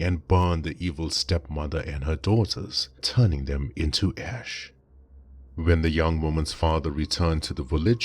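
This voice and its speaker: A man reading a scripted horror story in a measured, dramatic way. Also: a bass voice.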